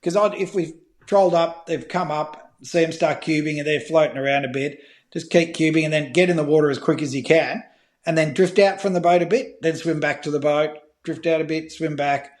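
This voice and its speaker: Aussie bloke telling fishing yarns, swears a lot, kinda high voice. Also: male voice, brisk. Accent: Australian. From Australia. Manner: animated storyteller, swears freely. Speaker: guest, fishing filmmaker. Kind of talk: casual podcast chat.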